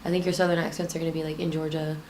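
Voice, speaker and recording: A woman's voice: sits low, flat delivery, racing, darkish tone, a little hiss or hum. A woman co-hosting a casual chat, rambling and laughing often. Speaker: podcast co-host.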